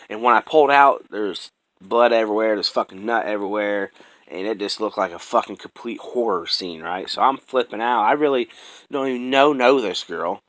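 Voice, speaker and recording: A man's voice: fairly low pitch, a bit bright, no echo, poor audio. A young man telling his own life story in casual chat, rambling and profane with many restarts, earnest and close to emotion.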